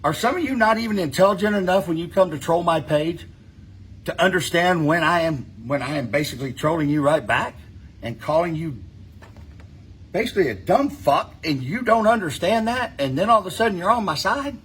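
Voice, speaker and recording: A man's voice: a little high, lively intonation, brisk, fairly bright tone, a little hiss or hum. A middle-aged man, ranting to his followers in a blunt, profane, mocking way, rambling and restarting as he goes. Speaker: street racer ranting on his own page. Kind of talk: casual unscripted rant.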